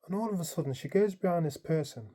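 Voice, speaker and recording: A man's voice: fairly high pitch, fast. A man casually recounting a dream in the present tense. He rambles, filling his story with "like" and "um". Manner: rambling, animated retelling full of "like" and "um". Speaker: dream vlogger.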